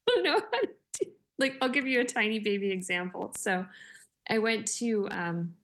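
A woman's voice: mid-range voice, lively intonation, moderate pace, fairly bright tone. A woman in her forties in casual conversation, telling stories with lots of fillers and laughter. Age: 40s. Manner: chatty, laughing storyteller with many fillers. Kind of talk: casual chat.

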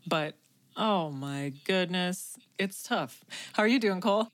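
A woman's voice: on the low side, expressive, a little slow, dry recording. A woman co-hosting a radio talk show, chatting in a playful, casual way. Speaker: podcast co-host.

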